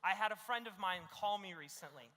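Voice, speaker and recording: A man preaching a youth sermon as the youth pastor. He is animated and joking, acts out little scenes and keeps adding "okay?". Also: sits high, fairly quick, long reverb tail.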